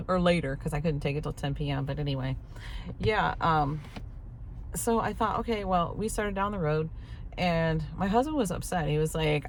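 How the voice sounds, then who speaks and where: Sitting in a parked truck, a post-menopausal woman in her fifties chats casually to camera for her vlog, rambling and laughing now and then. Her voice sits low at a normal speed, captured on a clip-on mic with a little hiss or hum.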